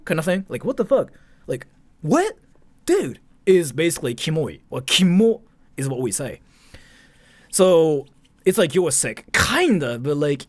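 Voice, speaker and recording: A young man from Japan, chatting casually on a livestream, animated and swearing, stopping to thank donors. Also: a little high, no echo. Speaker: streamer.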